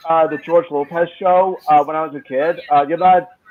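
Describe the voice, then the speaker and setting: A man's voice: on the high side, steady tone, fairly quick. A young man chatting casually on a fan review podcast, rambling with lots of "uh"s and restarts. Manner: rambling, hesitant, many "uh"s. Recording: tinny phone-like call audio.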